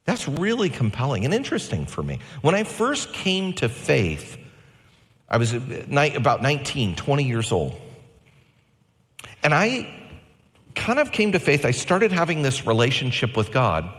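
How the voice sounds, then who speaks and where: A pastor in his forties delivering a sermon with animated, varied delivery and slow, emphatic phrases. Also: mid-range voice, big-room sound.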